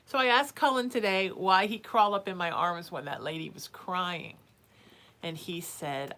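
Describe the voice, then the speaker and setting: A woman's voice: lowish voice, a little slow, a bit bright, slight background noise. A woman psychic hosting a casual livestream from home. She chats with viewers and coos sing-song baby talk to her cat.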